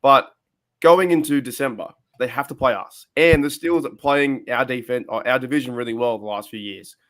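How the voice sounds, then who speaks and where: A man hosting a casual sports podcast, his voice hoarse and raspy from sickness, rambling with fillers and restarts. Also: medium pitch, a little fast, fairly bright tone. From Australia. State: hoarse, sick voice. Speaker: podcast host.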